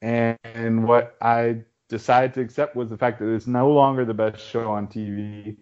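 A man's voice: mid-range voice, little pitch movement, moderate pace, a little mellow. Emphatic man on a dull lo-fi call. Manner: emphatic, profane, building up to a punchline. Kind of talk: casual podcast chat. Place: home outside a big city, on a phone hotspot. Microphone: remote call over a phone hotspot.

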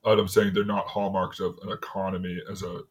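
A man chats loosely, circling back and restarting as he tells his stories. His voice sits a little low and has a husky grain. He laughs easily between thoughts. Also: flat delivery, a little fast. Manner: rambling storyteller, laughs often, many restarts. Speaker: city worker, podcast guest. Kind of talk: casual chat.

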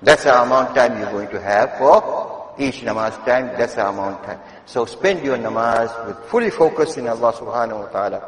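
An older man giving a Friday sermon in a mosque, moving from quiet asides to loud, emphatic exhortation and wry teasing of the congregation. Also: mid-range voice, expressive, moderate pace. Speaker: mosque preacher. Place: mosque prayer hall. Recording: echoey hall with long reverb.

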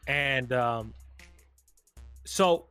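A podcast co-host with a mid-range, sharp and clean voice speaks very slowly, animatedly telling a story full of slang and swearing in casual chat. Faint music plays behind him.

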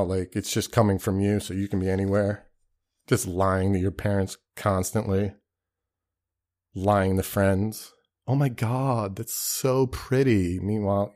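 Low-voiced man ranting casually, profane. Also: darkish tone. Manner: rambling, profane, self-deprecating; acts out quoted people. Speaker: podcast host. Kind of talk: casual comedic monologue.

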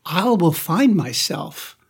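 A man with a softened New Jersey accent, a guest in a studio interview, telling stories with a laugh. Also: high-pitched, takes it slowly, slightly rough. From Newark, New Jersey. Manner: laughing, animated storyteller.

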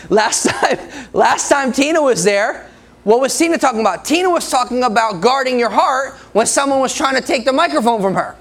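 Man, preacher, sermon, high voice, gravelly, jokes and laughs often. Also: animated, moderate pace, fairly bright tone.

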